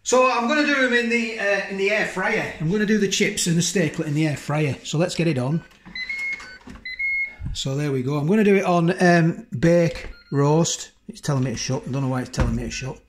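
A man's voice: on the high side, fairly quick, a little hiss or hum. Chatty man reviewing food. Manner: chatty, rambling, keeps asking tag questions. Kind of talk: casual food review vlog. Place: home kitchen, indoors.

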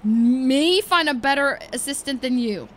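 A woman's voice: high-pitched, lively intonation, measured pace, slight background noise. A woman streamer talking in character during a roleplay game, playful and teasing, laughing often.

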